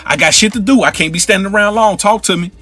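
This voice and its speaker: A man voicing a fast-talking hustler who takes everyone's orders and keeps repeating himself. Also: high-pitched, lively intonation, pushed and bright, no room sound, faint music behind, voice pushed up, heavily acted. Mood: eager hustling. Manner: pushy, repeats himself, quick patter.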